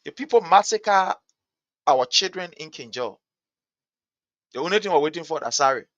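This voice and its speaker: Liberian guy ranting about politics, high sharp voice, keeps hammering the same point and gets loud. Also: expressive, normal speed, no room sound, muffled recording. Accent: Liberian English. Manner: impassioned, repetitive, builds to shouting. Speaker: talk show host. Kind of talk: political commentary monologue.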